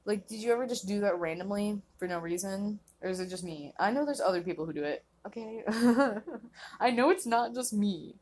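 A woman's voice: medium pitch, moderate pace, darkish tone, a little hiss or hum. A young woman hosting a casual solo podcast, rambling and laughing often, filling her talk with "like". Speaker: podcast host.

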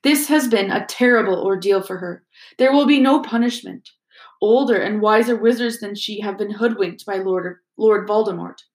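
A woman reading aloud plays a kindly old wizard headmaster with a soft, calm, gently amused way of speaking. He sounds patient and warm-hearted. The storybook recording rings with a roomy echo. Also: medium pitch, moderate pace, close to an everyday voice. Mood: firm kindly. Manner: gentle, calm, softly twinkling.

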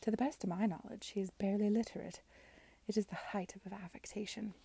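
A man's voice: high voice, steady tone, fairly quick, vocal fry, warm tone, slightly rough, no room sound, exaggerated voice. A woman reading aloud as a worldly, amused lady in her early forties, dry in manner, in a storybook reading.

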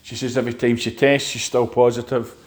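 A man preaching a sermon, halting and restarting often and asking the congregation rhetorical questions. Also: medium pitch, level tone, roomy sound. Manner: halting, with frequent fillers and restarts.

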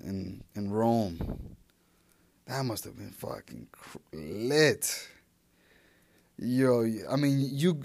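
Recorded with no room sound, this young man speaks in a low, slightly mellow voice. He's rambling casually on his solo podcast, swearing and stumbling through restarts and fillers.

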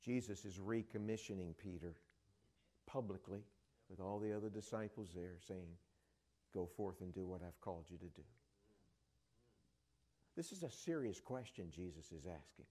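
A man's voice: low voice, moderate pace, long pauses, warm tone. A middle-aged man from the Dallas area preaching a sermon, retelling Bible scenes and acting out the voices of the disciples. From Dallas area, Texas.

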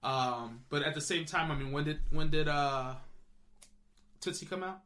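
Podcast co-host, male, bright and fairly high voice, rambling casual film talk with lots of "like" and "you know.". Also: moderate pace. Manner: animated, rambling, many fillers and restarts.

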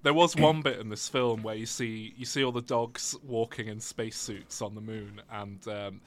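A man with a fairly low voice, talking casually on a podcast about films. He rambles through self-mocking stories. A faint hiss of noise sits under the recording. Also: fairly even intonation, normal speed. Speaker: podcast co-host. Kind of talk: casual film review chat.

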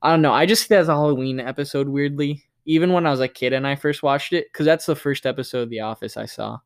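A man's voice: mid-range voice, quick pace, clear, resonant tone. A man co-hosting a casual podcast chat, talking in an enthusiastic, rambling way. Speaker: podcast co-host.

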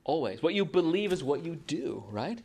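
A man's voice: fairly high pitch, big pitch swings, moderate pace, darkish tone, breathy edge. A man preaching a conversational sermon to his congregation, often ending points with rhetorical questions. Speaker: pastor.

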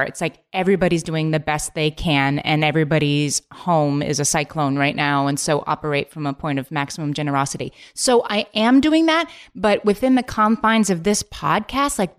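A woman co-hosting a podcast, talking quickly and casually with lots of filler words. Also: sits low, smooth. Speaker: podcast co-host.

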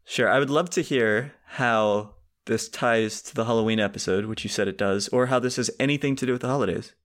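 A man's voice: medium pitch, a little fast, fairly bright tone. A young man co-hosting a comedy podcast, sarcastic and teasing, who slips into absurd mock-apologetic bits. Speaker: podcast co-host. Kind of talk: casual comedic banter.

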